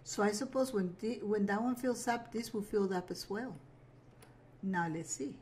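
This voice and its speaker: At normal speed, this woman offers relaxed commentary on her gameplay in a mid-range, slightly mellow voice, with a little hiss or hum. A gaming video creator, she talks to herself and giggles as she apologizes.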